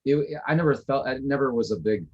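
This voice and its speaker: A man's voice: mid-range voice, animated, a little fast, a little mellow, slightly rough, highs cut off. A man from Wisconsin chatting easily on a podcast, his sentences trailing off. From Northeastern Wisconsin. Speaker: podcast co-host. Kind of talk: casual chat.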